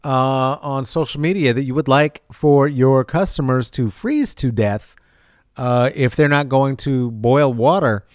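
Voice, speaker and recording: A man's voice: mid-range voice, a little slow, darkish tone, dry recording, clean studio sound. A man hosting a sarcastic, rambling comedic news commentary with many fillers. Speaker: vlog host.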